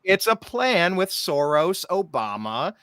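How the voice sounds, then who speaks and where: Animated male talk show host. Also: high-pitched, slow, clean tone, no room sound, clean studio sound. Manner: animated, exasperated, mocking asides. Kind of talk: casual political talk show chat.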